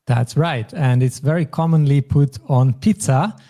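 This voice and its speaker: A man's voice: medium pitch, measured pace, mellow. A man from German-speaking Europe hosting a language lesson, patiently explaining phrases and vocabulary step by step. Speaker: language teacher.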